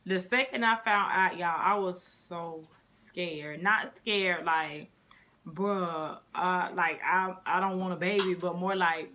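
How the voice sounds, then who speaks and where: A woman's voice: lowish voice, steady tone, takes it slowly, sharp tone, a little hiss or hum. A woman in her twenties telling a casual storytime to her viewers, chatty and talking straight to them. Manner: chatty, addresses viewers as y'all. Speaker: vlogger.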